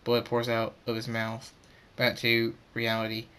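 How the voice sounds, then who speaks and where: A man reading an amateur fan story aloud in a middling voice. He reads in a halting way, with frequent stammers and restarts. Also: medium pitch, completely flat delivery, pushed and bright, smooth. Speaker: narrator.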